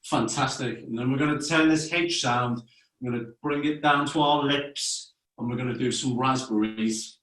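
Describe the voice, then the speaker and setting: An English man leads families through silly warm-ups, playful and encouraging, giving step-by-step instructions. He sits away from the mic in an echoey room, heard over a video call. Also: medium pitch, steady tone, normal speed, far from the mic. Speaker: children's theater performer leading a warm-up. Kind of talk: guiding an interactive family webinar.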